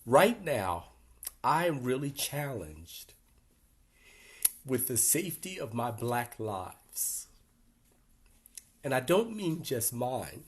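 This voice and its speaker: A husky older man guides a support group through a reflective workshop at a steady pace. His voice sits in an ordinary middle register. He talks earnestly and gently, with pauses and touches of emotion. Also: mid-range voice. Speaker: speaker leading a support group talk.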